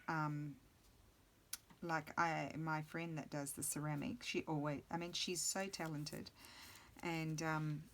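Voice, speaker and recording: A woman's voice: low voice, a bit bright, a little hiss or hum. A middle-aged woman chatting casually and rambling to herself while she crafts at her table. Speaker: crafting video host.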